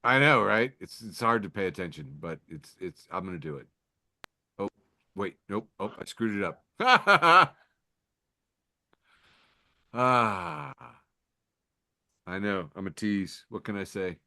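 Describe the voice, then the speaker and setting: A man hosting a casual podcast over a call, reading memes aloud, laughing often and swearing, quick to poke fun at himself. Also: on the low side, big pitch swings, sharp tone. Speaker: podcast host. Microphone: remote call mic.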